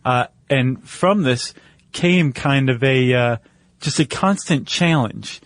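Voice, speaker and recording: A man's voice: mid-range voice, slow, no echo, studio quality. A man co-hosting a casual podcast chat, loose and joking as he explains history. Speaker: podcast co-host.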